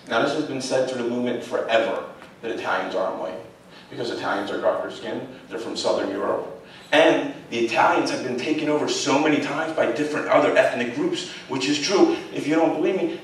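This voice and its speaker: A man giving a blunt, profane, animated storytelling talk as a guest speaker to a live audience in a large theater. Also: mid-range voice, fairly quick, a little hiss or hum. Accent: Philadelphia. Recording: echoey theater from far off.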